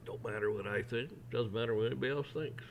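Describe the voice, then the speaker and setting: A man's voice: mid-range voice, fast talker, slight background noise, poor audio. A man ranting on a vlog in a folksy, rambling, blunt way. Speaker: vlogger. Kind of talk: opinion rant.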